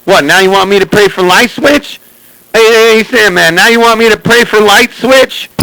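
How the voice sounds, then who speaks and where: This CB radio operator, streaming live, banters with other operators and keeps teasingly repeating their handles, such as "hey, Sandman." He sounds high and somewhat creaky at a normal speed, and there's noise in the background.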